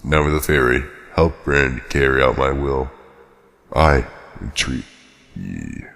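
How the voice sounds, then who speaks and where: A man voicing an ancient, dying male tree spirit in a game, reading slow and archaic lines with solemn weight. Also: very deep voice, vocal fry, fairly bright tone, in a large hall, pitched below the performer's own voice, full character voice.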